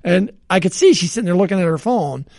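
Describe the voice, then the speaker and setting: A man co-hosting a podcast, telling rambling everyday stories in a relaxed chat and chuckling often. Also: high voice, quick pace, no room sound, studio quality. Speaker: podcast co-host.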